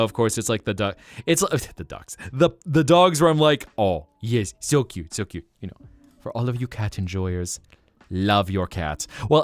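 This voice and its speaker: A man hosting a late-night livestream, chatting in a rambling, animated way. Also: mid-range voice, no room sound. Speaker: livestream host.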